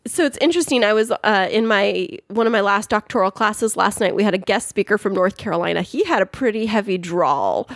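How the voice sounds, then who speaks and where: A woman's voice: medium pitch, animated, a little fast, hardly any pauses, fairly bright tone, no echo, clean studio sound. A woman co-hosting a podcast, bubbly and enthusiastic as she interviews a guest. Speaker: podcast co-host. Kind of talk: casual interview chat.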